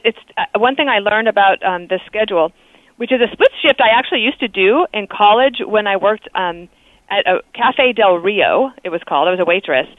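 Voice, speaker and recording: A woman talking as a guest in a phone interview, brisk and chatty, heard over a telephone line. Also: on the low side, dry recording. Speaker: guest, TV news anchor. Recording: dry tinny phone line.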